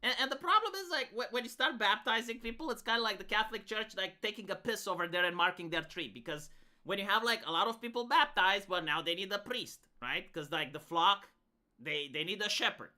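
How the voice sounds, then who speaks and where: A woman's voice: mid-range voice, lively intonation, a little fast, bright, forceful tone. A woman from Romania, giving rambling, filler-heavy commentary on a casual live stream.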